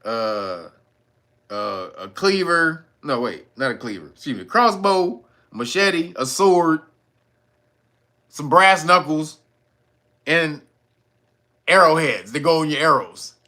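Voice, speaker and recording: A man's voice: fairly high pitch, expressive, slow pace, pauses often, sharp tone. A man doing incredulous, sarcastic commentary on a news story, laughing and swearing as he mocks the officials. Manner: mimics officials in sarcastic voices.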